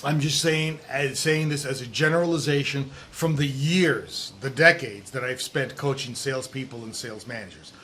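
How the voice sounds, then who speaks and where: A middle-aged man coaching sales managers in a bright, forceful voice, leaning hard on key words and slowing to stress them. He is outdoors, with a faint breeze rustling behind him. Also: mid-range voice. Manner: emphatic, drawn-out stresses, drops to near whisper at times. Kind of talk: direct-to-camera coaching talk. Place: outdoors in a breezy warm place. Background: wind noise.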